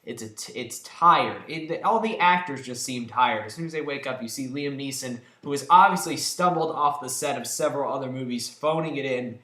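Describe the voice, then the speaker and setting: A man's voice: mid-range voice, a little fast, few pauses, bright, forceful tone. Male reviewer, exasperated and sarcastic, recorded in a roomy, reverberant space. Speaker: film reviewer. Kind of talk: ranting countdown review. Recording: echoey room.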